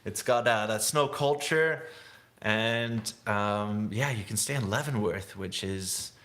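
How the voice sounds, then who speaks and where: A young man from England chats casually on a livestream. His voice sits fairly low, and he talks in a rambling, laid-back way. He laughs often and calls people dude. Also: slow pace, a bit bright. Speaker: snowboard vlogger hosting a livestream. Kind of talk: casual live-stream chat.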